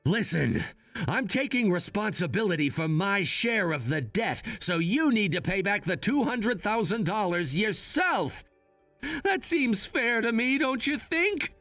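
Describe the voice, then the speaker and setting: Man as a calm, scheming son, high and animated voice. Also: unhurried, dry recording, faint music behind, exaggerated voice. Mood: calculating. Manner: calm, matter-of-fact, quietly scheming. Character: scheming young adult son, calm and calculating.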